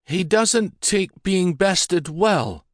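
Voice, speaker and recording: A man's voice: high-pitched, animated, extremely slow, fairly bright tone, no echo, pitched above the performer's own voice, exaggerated voice. A proud, defiant young Englishwoman with a raised, lighter English voice, as a male narrator plays her. She answers firmly and insistently. The storybook reading sounds close and dry.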